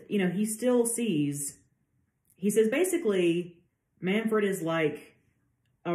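Chatty low-voiced woman lecturing. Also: dark tone, reverberant. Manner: chatty, frequent fillers, acts out quotes. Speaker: literature professor. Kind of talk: casual lecture.

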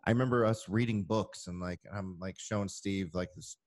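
A man's voice: low-pitched, moderate pace. A man co-hosting a casual podcast chat who jokes, swears and fills his speech with "like". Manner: lively and joking, swears, many fillers. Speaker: podcast co-host.

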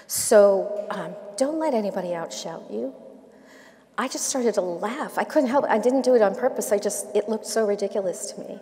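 A woman's voice: medium pitch, moderate pace, dark tone. Candid woman speaker in a reverberant hall. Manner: candid storytelling with laughs and asides. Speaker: keynote speaker. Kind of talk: conference keynote and Q&A. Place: large domed hall.

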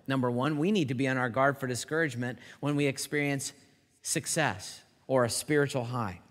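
A male pastor preaching a sermon with animated storytelling, acting out the quotes. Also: medium pitch. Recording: long hall reverb.

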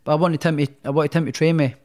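A man's voice: on the high side, fairly even intonation, fast, darkish tone. A man, a boxer, telling his story as a podcast guest in a chatty, rambling way. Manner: chatty, rambling, many restarts. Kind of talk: casual storytelling in a podcast interview.

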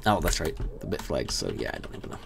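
A man talks his way through a game in a loose, muttering way, wry about his own mistakes. His voice has a gravelly edge and swings widely between high and low. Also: sing-song, fast, fairly bright tone, a little hiss or hum. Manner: mutters to himself, wry and self-mocking. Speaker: let's play host. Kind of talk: casual gameplay commentary.

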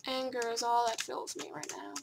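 A woman with a high voice talks through her game in frustrated, sweary bursts that stumble over words. The recording is noisy, with clicking keys close to the mic. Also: lively intonation, moderate pace. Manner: frustrated, swearing, stammering outbursts. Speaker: gaming video creator. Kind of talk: let's play commentary. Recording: noisy home mic with keyboard clatter. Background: keyboard clicks and typing.

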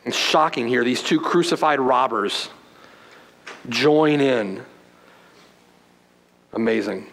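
A male pastor preaching a sermon, moving from loud, forceful emphasis to hushed, quiet passages. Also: slow pace, creaky, pauses often, slight background noise. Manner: dramatic preaching, swinging from loud emphasis to hushed low tones. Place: church sanctuary. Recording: long hall reverb.

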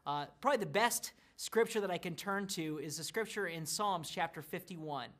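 A man's voice: sits high, normal speed. Pastor in his thirties telling family stories. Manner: warm storytelling, animated about his family. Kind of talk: video message to church small groups.

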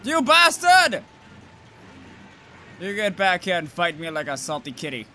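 A young man streaming a game, just woken up, swearing and yelling at the monster with sudden whoops. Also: on the high side, brisk. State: just woke up, groggy. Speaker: gaming streamer. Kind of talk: live gameplay commentary.

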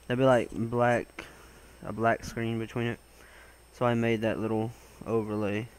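A young man giving gaming commentary, excitable and swearing, with loud exclamations and a voice that cracks. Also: mid-range voice, a little slow, clean tone, low-quality recording. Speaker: gaming channel host.

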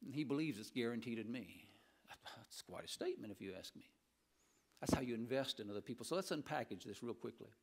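A man preaching an animated sermon in a church and mixing in humorous stories. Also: mid-range voice, quick pace. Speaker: pastor. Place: church sanctuary.

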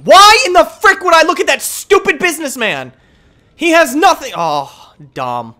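A young man hosting a gaming channel, giving excitable live commentary that swings from muttering to yelling, trash-talking other players. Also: very high-pitched, measured pace.

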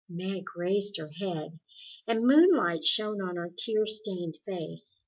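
A woman narrating a storybook with an even, expressive reading, in a dull lo-fi recording. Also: on the low side, takes it slowly, slightly rough. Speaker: audiobook reader.

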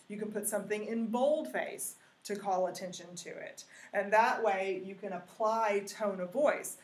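A woman teacher talks through a lesson at an ordinary mid pitch, explaining patiently and filling pauses with ums and uhs. Her voice sounds roomy and hollow. The mic sits some way off. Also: far from the mic. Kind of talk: recorded classroom lecture.

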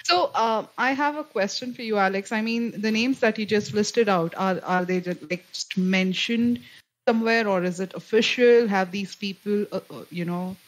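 A woman's voice: medium pitch, moderate pace, rough recording. Inquisitive woman podcast co-host. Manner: inquisitive, asks questions. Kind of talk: casual chat.

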